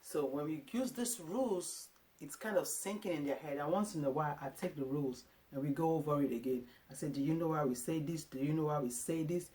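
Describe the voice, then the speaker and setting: An animated woman from Africa, in her thirties, talks to camera about raising her kids. Her chat is casual and lively, and she often drops into short acted-out lines of her own and her sons'. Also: deep voice, brisk, slight background noise. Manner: animated, acts out quotes of herself and her sons. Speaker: parenting vlogger.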